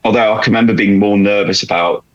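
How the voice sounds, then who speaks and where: A man's voice: lowish voice, steady tone, quick pace, highs cut off. A man guesting on a podcast, telling his story in a rambling way with many restarts and fillers, and chuckling as he goes. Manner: chuckles while recounting. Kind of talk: candid storytelling chat.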